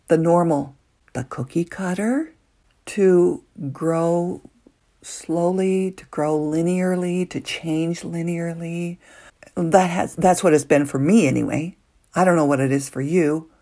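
A woman hosting a solo motivational podcast, earnest and emotional, moving between soft hushed lines and excited bursts. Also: fairly low pitch. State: nervous, emotional. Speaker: podcast host.

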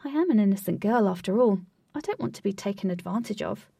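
A woman voicing a playful, sharp young woman in a strange new place, with a husky, gravelly voice. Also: medium pitch, expressive, fast talker, no echo, studio quality, recorded from a distance. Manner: upbeat, teasing, bright.

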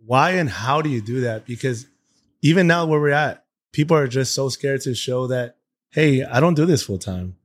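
A man's voice: mid-range voice, expressive, normal speed, no echo. Earnest male podcast host, dry sound. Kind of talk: casual interview chat.

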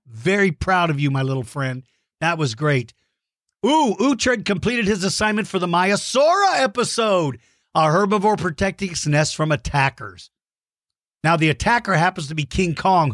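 A man hosting a children's podcast, reading out listener mail with big enthusiasm, warm praise and playful mock-outraged shouts. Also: a little high, dry recording, studio quality. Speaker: kids' podcast host.

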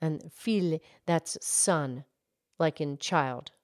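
A woman voicing a gentle female cow who calmly explains history on a children's show. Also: sits low, very slow, no echo, clean studio sound. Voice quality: calm, explanatory, hesitant restarts. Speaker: co-host, explainer.

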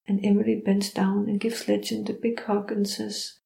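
A woman hosting a podcast, narrating a guided spiritual journey in a calm, meditative manner. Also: mid-range voice, normal speed, creaky, few pauses. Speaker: podcast host. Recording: roomy echo.

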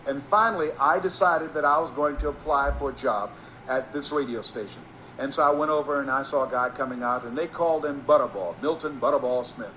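A man from Miami giving a storytelling motivational speech, emphatic and rhythmic, slowing down to stress key phrases. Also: medium pitch, bright, forceful tone, a little hiss or hum, poor audio. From Miami, Florida. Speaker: motivational speaker.

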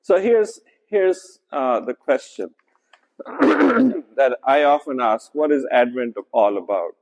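A man's voice: mid-range voice, very animated, creaky, darkish tone, big-room sound, rough recording. A man preaching a conversational sermon as pastor, often checking in with "right?" and using many fillers. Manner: frequent "right?" checks, many fillers, slow deliberate delivery. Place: church sanctuary.

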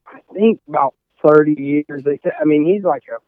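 Here the same kind of speaker, a young man from Texas who plays college golf, sounds on the high side and a little fast. The audio is narrow and tinny with no echo, and he rambles through the interview with lots of fillers and restarts.

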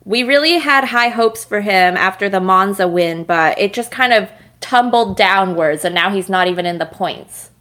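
A woman's voice: medium pitch, normal speed, few pauses, a bit bright. A woman co-hosting a casual podcast, talking through a race in a chatty, analytical way with frequent laughs. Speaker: podcast co-host. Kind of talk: casual chat about motor racing.

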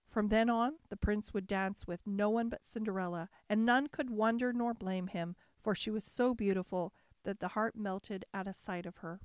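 A woman reading a classic fairy tale aloud in a measured, expressive storybook style. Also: mid-range voice, smooth, no room sound, studio quality.

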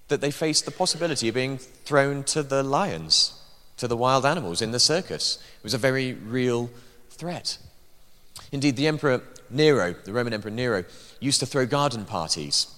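A man's voice: mid-range voice, fairly bright tone. A man preaching a sermon in a church, emphatic, with dry asides. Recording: long hall reverb.

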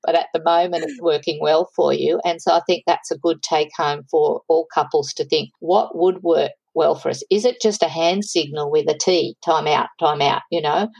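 A woman's voice: deep voice, fairly even intonation, normal speed, creaky, few pauses, darkish tone, breathy edge, no echo, rough recording. A middle-aged woman, a relationship counsellor giving thoughtful advice in casual conversation, often acting out example phrases. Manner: thoughtful, explains with quoted examples.

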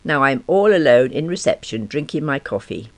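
Woman, about fifty, first-person story reading, wry, self-deprecating, very lively pitch. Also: normal speed. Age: around 50. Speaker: narrator.

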